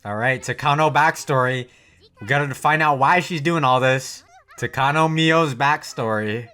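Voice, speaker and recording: A man giving casual, animated reaction commentary while watching anime, swearing freely and laughing often. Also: mid-range voice, normal speed, clear, resonant tone.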